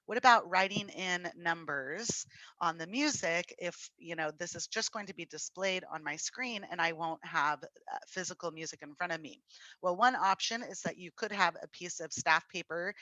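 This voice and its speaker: Slow, bright-voiced encouraging music teacher woman. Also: lowish voice, no echo. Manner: encouraging, addresses students as friends; slow, patient explaining with fillers. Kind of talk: online exam-prep lesson. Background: faint piano.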